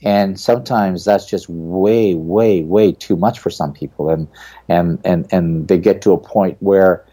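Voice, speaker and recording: Deep mellow-voiced middle-aged man. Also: fairly even intonation, a little slow. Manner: earnest and reflective. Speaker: author and guest. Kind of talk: podcast interview.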